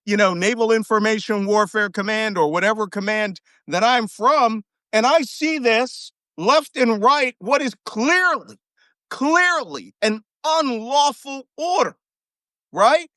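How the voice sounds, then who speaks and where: A man's voice: high-pitched, expressive, a little slow, sharp tone, no room sound. A man who served as a navy chief, giving heated, profane, emphatic commentary as a guest on a talk show.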